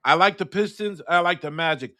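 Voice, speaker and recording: Male co-host from New York, blunt and emphatic, slightly high, dry sound. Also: fairly quick, sharp tone, dry recording. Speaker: sports show co-host. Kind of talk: ranting sports opinion.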